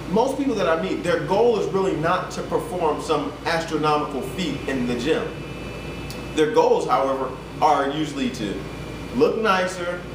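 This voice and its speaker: A man, a fitness coach, telling a story and turning it into a motivational talk, often repeating himself as he builds to urgent appeals. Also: fairly high pitch. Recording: echoey room, voice from a distance, background hum.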